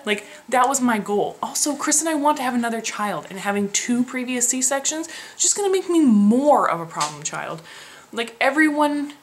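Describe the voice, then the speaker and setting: A woman's voice: on the high side, lively intonation, moderate pace, slight background noise. A young woman casually vlogging, chatty and frustrated, laughing often. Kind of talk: casual pregnancy vlog.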